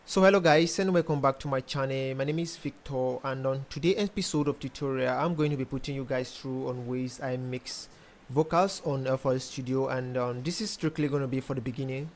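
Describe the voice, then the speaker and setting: A young man, a music producer casually talking through a tutorial step by step, pausing often with ums. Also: medium pitch. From Nigeria. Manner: relaxed, hesitant with frequent ums, explains step by step. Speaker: music producer teaching mixing. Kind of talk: casual screen-recorded tutorial.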